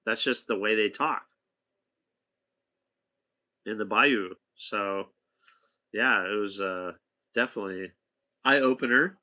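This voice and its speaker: A man's voice: lowish voice, slow, pauses often, bright, forceful tone. A man casually telling a rambling anecdote to a companion, chatty, with asides and restarts. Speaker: storyteller talking to a companion.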